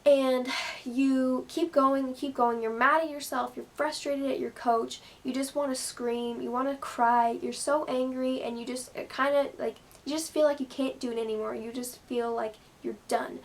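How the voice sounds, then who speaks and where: Woman vlogger, fairly high voice, casual rambling advice. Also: steady tone, normal speed. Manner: chatty, lots of "like" and "you know". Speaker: gymnast vlogger.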